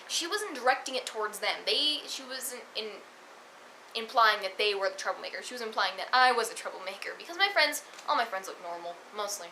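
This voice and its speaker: A woman's voice: mid-range voice, pushed and bright, slight background noise, low-quality recording. A teenage girl telling stories in a casual vlog, chatty with sarcastic asides. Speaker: vlogger.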